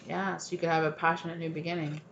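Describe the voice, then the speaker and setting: A woman tarot reader talks through a reading in a loose, chatty way, sounding tired. Her voice sits on the low side, with faint noise in the background. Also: level tone, quick pace, vocal fry, muffled recording. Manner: casual, chatty, repeats "right?". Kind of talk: casual spoken tarot reading.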